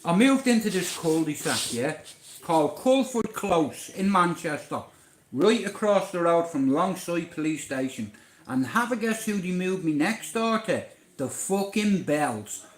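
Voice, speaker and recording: A man's voice: high voice, unhurried, a little hiss or hum. Irish man, raised voice for a guy, profane storyteller on a livestream, echoey room. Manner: blunt, swearing, animated storyteller.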